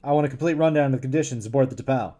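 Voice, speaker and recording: A man voicing a decisive male starship captain who gives quick orders, in an amateur read-along. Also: mid-range voice, mellow, natural voice. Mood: commanding.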